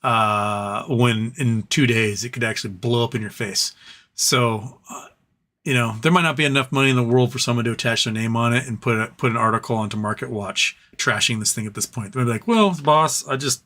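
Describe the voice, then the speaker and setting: A man hosting a relaxed live stream, reading out comments from his viewers and answering them one by one. He is tired and his voice is starting to wear out, but he keeps talking in a loose, chatty way at a middle pitch. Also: brisk. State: tired, voice wearing out. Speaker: livestream host reading chat. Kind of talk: casual live-stream chat.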